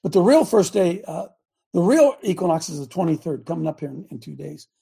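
An older man hosting a talk show, a former football coach who talks loud and emphatic and repeats himself for emphasis. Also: on the high side, very animated, fairly quick, vocal fry, slightly rough. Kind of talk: impassioned talk show monologue.

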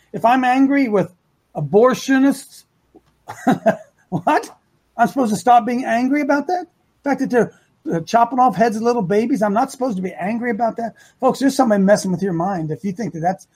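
An older man hosting a radio talk show, preaching with rising passion and at times shouting. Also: sits high, breathy edge.

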